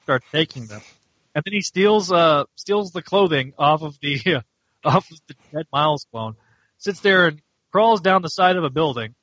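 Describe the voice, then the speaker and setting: Podcast co-host, male, bright tone, dry dull lo-fi sound, animated and mocking recaps. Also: a little high, dry recording. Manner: animated, mocking, does quick voices for characters. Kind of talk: casual comic book review chat.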